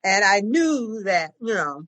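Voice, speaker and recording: A woman's voice: mid-range voice, sing-song, takes it slowly, fairly bright tone, no room sound. Chatty older woman telling a story. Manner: chatty storyteller who acts out other people's lines. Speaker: podcast co-host. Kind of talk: casual chat.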